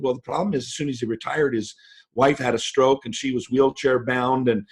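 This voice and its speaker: A man's voice: mid-range voice, fairly even intonation, moderate pace, slightly rough. A man in his fifties telling stories with emphasis as a guest in an interview, his voice jumping up for quoted lines. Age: 50s. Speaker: guest speaker. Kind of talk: motivational interview talk.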